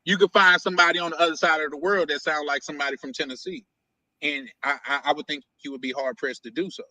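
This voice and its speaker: A man hosting a casual live stream from his basement office, asking teasing questions in a halting, repetitive way. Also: fairly high pitch, fairly even intonation, pushed and bright, dry recording, rough recording. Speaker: stream host.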